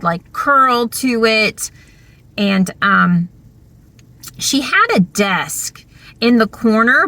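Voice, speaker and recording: A woman vlogger telling a story from her school days in a chatty, animated way, full of fillers. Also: mid-range voice, no echo. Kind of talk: casual storytelling.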